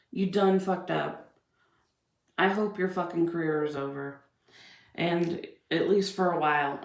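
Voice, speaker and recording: The young channel host, her voice lowish and a little mellow, launches into a furious rant at the camera. She swears throughout and keeps asking rhetorical questions, all in a roomy-sounding space.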